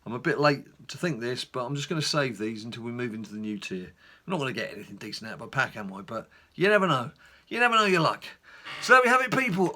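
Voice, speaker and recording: A middle-aged man from England, chatting casually in a rambling, animated way on his gaming vlog. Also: mid-range voice, breathy edge. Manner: animated storyteller, rambling asides. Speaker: gaming YouTuber.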